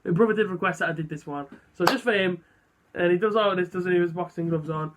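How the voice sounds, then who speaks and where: A man's voice: sits high, quick pace. A young man vlogging in a chatty, self-deprecating way, full of fillers and asides. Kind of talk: casual vlog chat.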